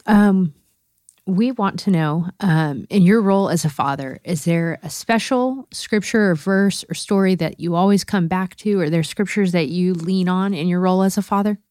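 Gentle, affirming podcast co-host woman. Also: fairly low pitch, moderate pace, dry recording, studio quality. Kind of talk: casual interview chat.

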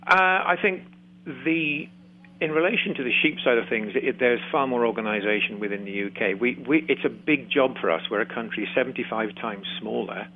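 A man from Shropshire with an English accent, a guest speaking on a radio show from afar, thoughtful and halting with frequent ums. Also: mid-range voice. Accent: English, West Midlands (Shropshire). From England. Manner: hesitant, many ums and restarts, jokey. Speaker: guest, former sheep farmer. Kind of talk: casual radio interview. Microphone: remote phone line. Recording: tinny phone line.

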